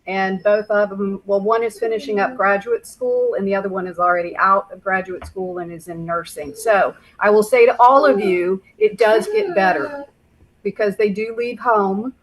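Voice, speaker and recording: A woman's voice: mid-range voice, moderate pace, poor audio. A middle-aged woman from Texas, calling in with a question, friendly and upbeat in casual chat. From Houston, Texas. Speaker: caller asking a question.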